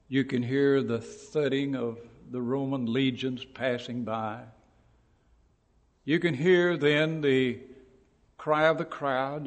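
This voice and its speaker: A man preaching a sermon in a church, telling stories with dramatic build and shouting out quoted lines. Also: medium pitch, long reverb tail.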